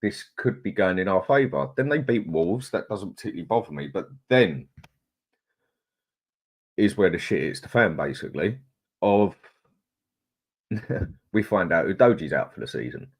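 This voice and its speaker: A man's voice: low-pitched, very animated, normal speed, pauses often, slightly rough. A middle-aged man, hosting a casual live chat, greeting viewers in a chatty, laid-back way. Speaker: livestream host.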